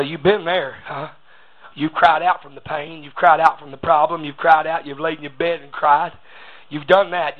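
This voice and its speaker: A man preaching a sermon, starting each phrase with a rhythmic "uh" and breaking into shouted bursts. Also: fairly high pitch. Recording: phone-like raspy audio.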